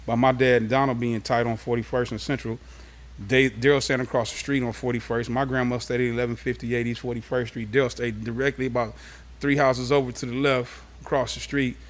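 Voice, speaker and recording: A man from Los Angeles sits as an interview guest and tells stories of his youth in a relaxed, streetwise way. His voice sits at an ordinary middle pitch. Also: fairly quick. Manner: animated, streetwise storytelling. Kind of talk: casual storytelling interview.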